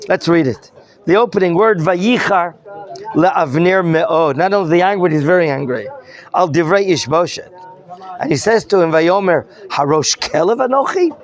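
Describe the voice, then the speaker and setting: In a study hall classroom, a rabbi leads a Bible class, questioning his students and explaining terms along the way. His voice is high-pitched and gravelly.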